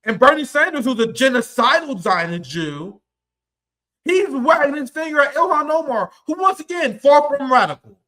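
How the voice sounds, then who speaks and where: High, bright-voiced man ranting heatedly. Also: lively intonation, moderate pace. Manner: combative, profane, mocking. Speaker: political commentator. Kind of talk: heated political commentary.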